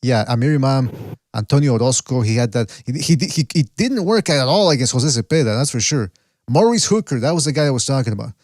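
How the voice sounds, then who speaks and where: A man's voice: medium pitch, expressive, fast talker, darkish tone, no echo, studio quality. A man hosting a casual podcast who rambles, loses track of names and restarts his sentences. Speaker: podcast host.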